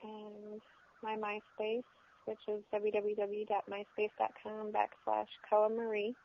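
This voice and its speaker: Woman, model guest on a podcast, slow and gravelly, low-fi recording. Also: completely flat delivery, a little hiss or hum. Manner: brief replies, unhurried. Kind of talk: casual interview chat. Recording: dull lo-fi audio.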